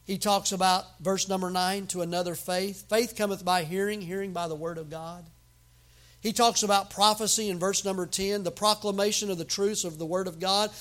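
Pastor, male, high-pitched, emphatic sermon delivery that swings from quiet asides to loud outbursts. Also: steady tone, moderate pace. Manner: emphatic preaching with sudden loud outbursts and humor.

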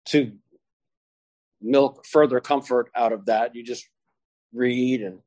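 A man preaching a sermon to his congregation, slowing down and stressing key phrases as he quotes scripture. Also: medium pitch, darkish tone, dry recording.

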